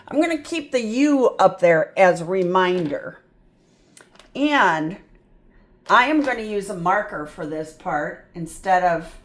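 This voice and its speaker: A middle-aged woman reading tutor talks through a phonics lesson, unhurried and a little low-pitched. She wanders into asides and thinks aloud as she writes out each example. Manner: chatty, self-interrupting, thinks aloud.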